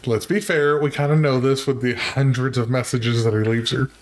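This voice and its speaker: A man's voice: mid-range voice, fairly even intonation, moderate pace, a little hiss or hum. A man co-hosting a podcast, chiming in with short, agreeing remarks. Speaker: podcast co-host. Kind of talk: casual chat.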